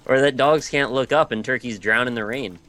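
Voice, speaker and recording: A man's voice: medium pitch, a little fast, pushed and bright, slight background noise. A man co-hosting a casual chat, teasing his friend and tossing out goofy suggestions.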